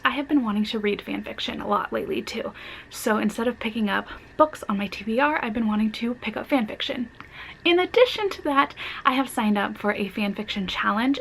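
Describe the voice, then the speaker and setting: A young woman talks through her reading plans in a casual, excitable vlog, often giggling. Her voice has a gravelly, fry-tinged edge, and a faint hiss of background noise sits under the recording. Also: medium pitch, poor audio. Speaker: book vlogger.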